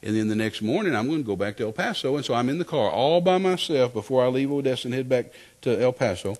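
Older preacher telling a testimony. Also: male voice, medium pitch, quick pace. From West Texas. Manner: animated storytelling, repeats phrases, acts out quotes. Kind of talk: sermon testimony.

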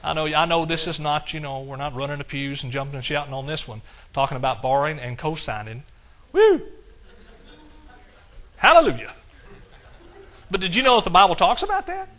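A man's voice: fairly high pitch, expressive, a little fast, pauses often, sharp tone. A middle-aged man with an East Texas accent preaching a sermon in a folksy, exclamatory way, quoting scripture. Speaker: pastor.

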